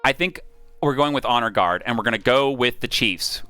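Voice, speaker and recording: Bright, excitable male streamer. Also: medium pitch, a little fast, clear, resonant tone, soft background music. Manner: excitable, thinking aloud, swears casually. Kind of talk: live-streamed game play with narration.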